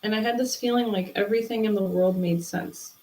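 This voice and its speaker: Animated woman telling a story, roomy. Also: medium pitch, a little fast. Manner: animated storyteller, acts out quoted voices. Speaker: interview guest, spiritual medium. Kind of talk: storytelling in a casual interview.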